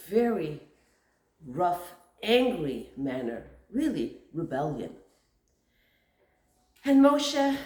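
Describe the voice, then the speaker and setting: A woman hosting a weekly Torah lesson, retelling the story expressively with dramatic pauses. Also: lowish voice, a little mellow, echoey room. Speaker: Torah teacher and host.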